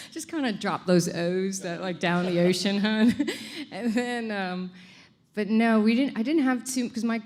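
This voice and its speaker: A middle-aged woman chatting as an interview guest, telling stories and laughing often. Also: medium pitch. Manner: laughs often, animated storytelling. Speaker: actress guest. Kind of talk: casual interview chat.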